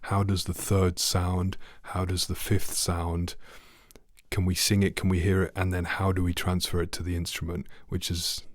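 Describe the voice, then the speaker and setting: A man's voice: low voice, monotone, moderate pace, no echo, studio quality. A man teaching a trombone lesson online, friendly and asking the viewer questions. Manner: friendly, asks the viewer questions, sings notes.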